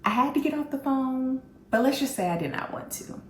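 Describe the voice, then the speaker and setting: A woman hosting a candid storytelling vlog, telling her story in an animated, blunt way and speaking straight to her audience. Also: high voice, a little fast, reverberant, a little hiss or hum. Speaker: vlog host.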